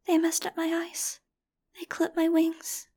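A woman voicing a weak, frightened little girl who speaks in a faint, breathy whisper in an audiobook reading. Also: very high voice, completely flat delivery, measured pace, dark tone, voice pushed up.

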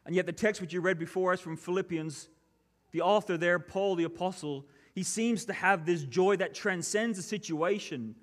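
Earnest preaching man, slightly high voice. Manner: earnest, measured preaching with emphatic pauses. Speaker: pastor. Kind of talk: sermon.

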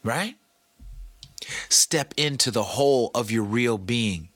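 A man with a bright, forceful voice talks loosely and playfully, full of slang, as he hosts a podcast. The sound is dry and close, with no room around it. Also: mid-range voice, takes it slowly, breathy edge, dry recording. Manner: animated, playful, slangy, talks to his producer. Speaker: podcast host. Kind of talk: casual motivational talk.

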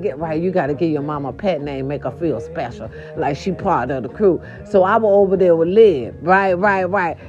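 A woman vlogger telling a chatty story to her viewers, animated and sassy, calling them "baby". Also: on the low side. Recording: dull lo-fi sound with faint music behind. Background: faint music.

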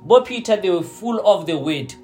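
A man preaching a sermon, slow and deliberate, often checking in with his listeners. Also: high voice, animated, dark tone, faint music behind. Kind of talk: sermon teaching.

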